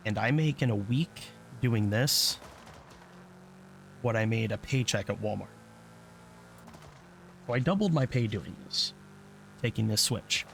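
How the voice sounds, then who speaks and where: A man's voice: on the low side, lively intonation, a little slow, gravelly, long pauses, a little hiss or hum. A man telling a casual, candid story in a vlog, blunt and profane, acting out what other people said. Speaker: vlogger.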